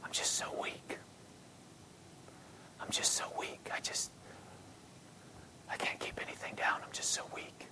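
A man's voice: unhurried, long pauses, pushed and bright. A man voicing a frail, elderly, sickly woman minister in a faint whisper. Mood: feeble.

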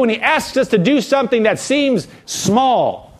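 A man preaching a sermon as pastor, lively and animated, acting out quotes from the people he talks about. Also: very high voice, normal speed.

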